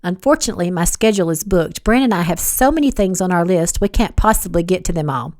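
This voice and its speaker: A woman voicing a calm young man who speaks in a measured, firm way in an audiobook. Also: fairly low pitch, lightly acted.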